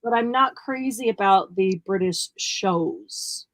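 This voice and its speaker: A woman's voice: mid-range voice, takes it slowly, dry recording, poor audio. A woman co-hosting a crafting livestream, chatting casually and laughing often as she works. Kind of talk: casual chat while crafting.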